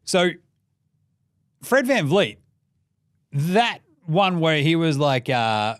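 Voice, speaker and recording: Sweary, excitable Australian man recapping basketball. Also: fairly high pitch, drawn-out words, long pauses, no echo, studio quality. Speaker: NBA recap podcast host. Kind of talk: casual sports recap.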